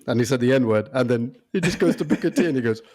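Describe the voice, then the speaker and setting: Brief: man, podcast co-host, lively banter, laughs a lot, medium voice. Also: mid-range voice, a little hiss or hum. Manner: animated, laughs often, does quick impressions. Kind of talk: casual chat.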